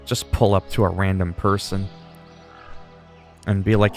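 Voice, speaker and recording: A man with a lowish voice hosts a laid-back gaming livestream, rambling through funny stories and swearing freely. He speaks at a measured pace with frequent pauses, and soft music plays in the background.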